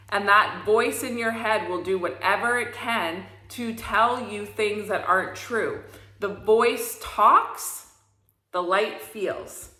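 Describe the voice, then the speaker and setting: Bright-voiced woman giving a motivational talk. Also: mid-range voice, echoey room. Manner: emphatic, preachy, swears freely. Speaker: spiritual coach.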